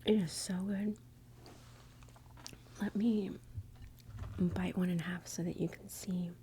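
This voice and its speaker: Whispering right up to the microphone, a woman from Texas runs rambling, self-interrupting ASMR commentary in her Texan accent. Her voice is fairly low, mellow, slow and fairly even, with a slight hiss or hum.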